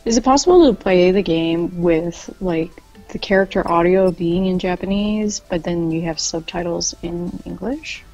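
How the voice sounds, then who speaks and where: A young woman co-hosting a game livestream, chatting playfully with quick quips and short reactions. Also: lowish voice, a little mellow, dull audio. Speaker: livestream co-host. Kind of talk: casual chat during a game stream. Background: game music.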